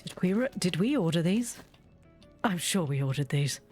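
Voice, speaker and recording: A woman's voice: on the low side, animated, normal speed, darkish tone, slightly rough, soft background music. A woman streaming a cozy game, chatting and giggling with playful drama while she plays. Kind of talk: live gameplay commentary.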